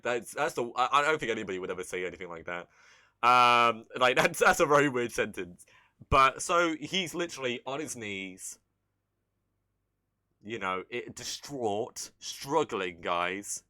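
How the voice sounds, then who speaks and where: A man's voice: mid-range voice, lively intonation, measured pace, sharp tone. A man hosting a casual livestream commentary, incredulous and sarcastic, swearing freely.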